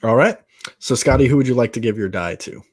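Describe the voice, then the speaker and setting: A man's voice: medium pitch, fast, a little mellow, breathy edge, no room sound, clean studio sound. A man guiding the turns of a tabletop storytelling game in an easygoing, casual way. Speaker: game facilitator. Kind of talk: casual role-play chat.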